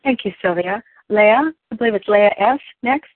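A woman's voice: medium pitch, normal speed, dry recording. A woman leading a recovery meeting, briefly thanking each speaker and calling on the next. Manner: brief and welcoming, calls on speakers. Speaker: meeting leader. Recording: tinny phone line.

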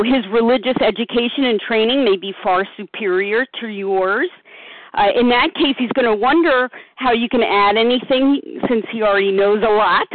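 A woman's voice: fairly high pitch, no room sound. A woman sharing at a recovery meeting, steadily reading passages from a book aloud. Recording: dry phone line.

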